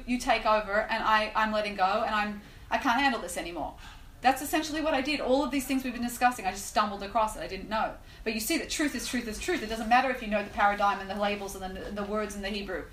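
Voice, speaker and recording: A woman's voice: on the high side, fast talker. Woman telling a story to her class, lots of likes and rights, echoey room, bit of hiss. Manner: animated storyteller, many "like" and "right?" fillers. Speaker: prayer class teacher. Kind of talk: personal story in a class talk. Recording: echoey room, faint noise.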